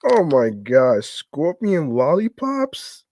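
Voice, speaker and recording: A male podcast host reads an article aloud and keeps breaking off to react in disbelief, his pitch leaping up and down in a very lively way. He talks at an unhurried, slow pace, restarting and repeating words as he goes. The sound is close and dry, with no room echo. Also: background noise. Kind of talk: reading news aloud with incredulous commentary.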